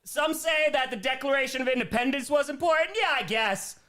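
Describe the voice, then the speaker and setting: A man hosting a casual live stream, excitedly reading chat messages and thanking viewers. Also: very high voice, a little fast. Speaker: streamer host.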